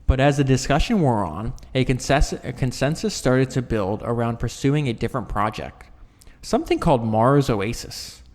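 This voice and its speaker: Man reading aloud in an echoey room. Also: medium pitch. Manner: stumbles and restarts mid-sentence, corrects himself. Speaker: book reader and commentator. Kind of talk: reading a nonfiction book aloud with casual asides. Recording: long reverberant room echo.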